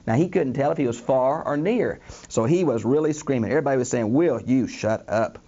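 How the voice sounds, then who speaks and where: A man's voice: mid-range voice, fast, muffled recording. An older man teaching a Bible lesson in a studio, speaking to listeners as "friends," acting out the quoted voices with a lot of "uh" fillers. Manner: animated, acts out the quoted voices, frequent "uh" fillers. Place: recording studio.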